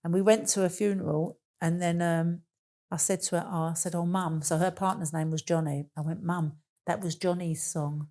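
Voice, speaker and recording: A woman's voice: lowish voice, steady tone, moderate pace, warm tone. A woman, chatting as an interview guest and telling rambling stories with easy laughs. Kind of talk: casual storytelling chat.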